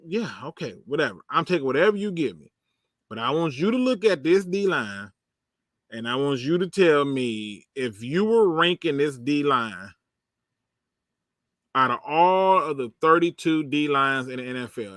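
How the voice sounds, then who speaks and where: A man's voice: mid-range voice, no echo, clean studio sound. A man hosting a casual sports livestream, reading viewer comments aloud and reacting with sarcasm and frequent laughter. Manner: animated, sarcastic, laughs often, talks to chat.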